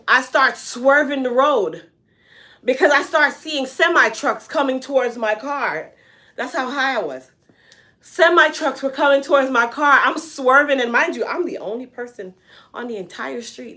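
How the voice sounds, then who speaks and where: Lively woman telling a wild story. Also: on the high side. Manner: animated, laughing storyteller. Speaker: hair salon owner and vlogger. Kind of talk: casual storytelling vlog. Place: hair salon.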